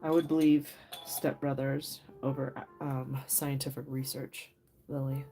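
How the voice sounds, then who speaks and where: A middle-aged woman with a low voice chats loosely with her live viewers. She laughs often and rambles through stories with plenty of fillers. Faint music plays quietly behind her. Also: flat delivery, a little slow. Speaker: craft livestream host. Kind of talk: casual chat with live viewers.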